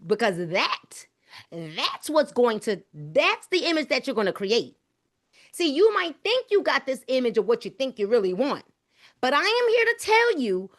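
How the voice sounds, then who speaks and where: A woman's voice: high-pitched, fairly bright tone. Fervent woman preaching at a live book club. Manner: fervent, preacher-like, repeating phrases; casual informal speech.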